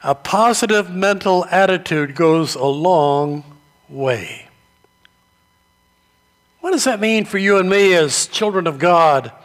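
A man preaching a sermon, telling stories slowly and deliberately. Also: high voice, expressive. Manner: slow, deliberate storytelling delivery. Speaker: pastor.

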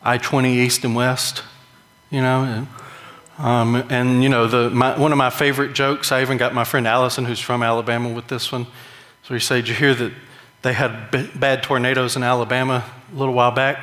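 A man preaches a sermon in a loose, joking, conversational way, his pitch sitting in an ordinary middle range. He leans into emphatic rises for effect. His voice rings out with a long reverb in a church hall. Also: flat delivery, brisk, a bit bright. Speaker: pastor.

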